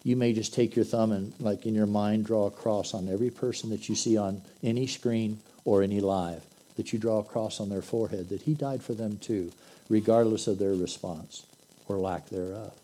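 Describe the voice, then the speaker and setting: Guy preaching, real dark mellow voice, casual talky sermon that builds up loud in spots. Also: on the low side, steady tone, normal speed, poor audio. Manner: earnest, conversational preaching with rising emphatic bursts. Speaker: pastor.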